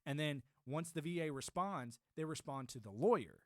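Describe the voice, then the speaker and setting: A man's voice: a little high, expressive, normal speed, no echo, studio quality. A man from Arizona chatting casually on a livestream, rambling and talking to his viewers. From Arizona, United States. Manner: rambling, chatty, greets chat viewers by name. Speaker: livestream host.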